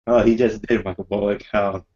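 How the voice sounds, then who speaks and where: A man hosting a wrestling podcast, chatting casually with energetic, repetitive banter. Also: fairly low pitch, brisk, highs cut off.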